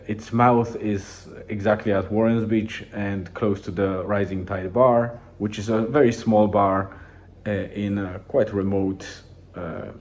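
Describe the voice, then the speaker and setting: Low, dark-voiced man rambling casually. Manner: rambling, relaxed, with many restarts and fillers. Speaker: vlogger. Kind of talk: casual daily journal vlog.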